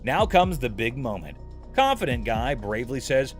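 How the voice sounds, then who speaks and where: A man's voice: medium pitch, very animated, normal speed, soft background music. A man narrating a show recap in a scripted, playful, jokey storytelling manner.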